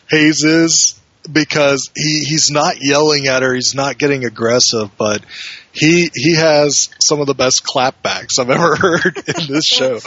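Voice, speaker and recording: A man's voice: medium pitch, fairly bright tone, no echo, lo-fi sound. A man co-hosting a podcast, rambling casually with plenty of fillers. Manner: loose and rambling, with many fillers and laughs. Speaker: podcast co-host.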